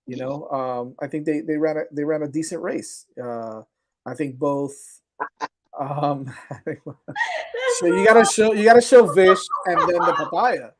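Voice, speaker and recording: Rambling laid-back podcast host. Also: male voice, a little high, measured pace. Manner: rambling, filler-heavy, laughing. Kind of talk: casual sports chat.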